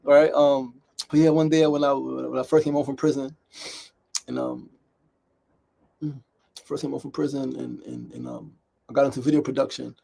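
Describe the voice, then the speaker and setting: A man's voice: mid-range voice, lively intonation, normal speed, creaky, pauses often, mellow. A middle-aged man hosts a motivational daily talk show, speaking emphatically, repeating himself and often asking "right?". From New York City. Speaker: host.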